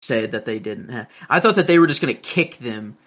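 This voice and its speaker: A man in casual chat, eager and restless, thinking out loud. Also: medium pitch, animated, brisk, husky.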